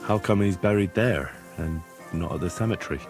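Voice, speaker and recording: A young blacksmith's son from a medieval game, low-pitched and calm, asking polite, sympathetic questions. Game music plays clearly behind him. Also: male voice, fairly quick. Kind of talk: voiced game dialogue.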